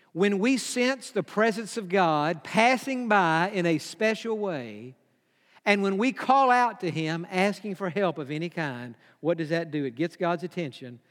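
A man's voice: high voice, long reverb tail. A man preaching a sermon, emphatic and repeating his key phrases for weight. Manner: emphatic, repeats key phrases, drops to a hush for quoted whispers.

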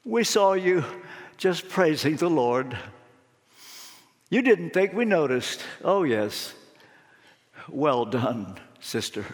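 A kind, approving heavenly judge speaks slowly and tenderly, as a preacher puts him on in a sermon. The voice is fairly high, and a long hall reverb trails every line. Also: male voice, very animated.

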